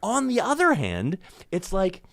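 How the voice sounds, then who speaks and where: A man from Canada talks as a podcast guest, his pitch swooping up and down as he makes his point. He is emphatic and swears freely. The sound is dry and close, with no room in it. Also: unhurried, creaky, no echo. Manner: animated, heavy swearing, emphatic. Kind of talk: casual conversation.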